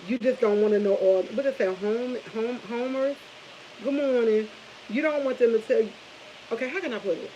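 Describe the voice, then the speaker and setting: A woman's voice: fairly high pitch, slight background noise, poor audio. A woman, chatting casually over morning coffee, rambling from subject to subject and retelling a long story. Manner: rambling, jumps between subjects, animated storytelling. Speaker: vlogger.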